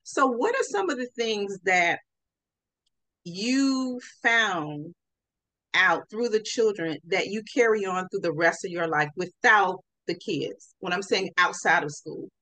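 Woman, podcast host, lively storytelling, acts out dialogue, mid-pitched voice, dry sound. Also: takes it slowly, no room sound, rough recording. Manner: animated, acts out quoted speech. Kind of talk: casual storytelling.

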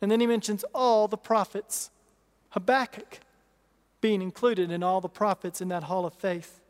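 A pastor preaching a sermon, emphatic, repeating key phrases and asking rhetorical questions. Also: male voice, high-pitched, steady tone, normal speed. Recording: long reverb of a large hall.

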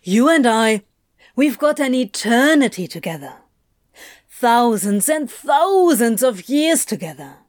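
A woman's voice: fairly high pitch, big pitch swings, slow pace, no echo, voice pushed up. A woman voicing a blunt, swearing male demon in a fan fiction reading, in a voice close to her own. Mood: earnest, vowing. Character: swearing, exasperated male demon, devoted lover.

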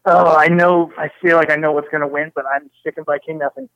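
A man's voice: fairly high pitch, flat delivery, fairly quick, fairly bright tone, dry recording, rough recording. A man joining a podcast as a guest, talking gear in a thoughtful, articulate casual way. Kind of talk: casual chat.

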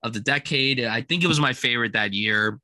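Young male co-host, bright and dry-sounding, casual and enthusiastic film chat. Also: mid-range voice, brisk, dry recording. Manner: enthusiastic, quotes lines in loud put-on voices.

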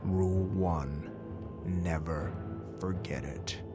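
A man playing a calm but distant cinema manager who speaks slowly and sternly. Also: a bass voice, over loud music, pitched below the performer's own voice, heavily acted.

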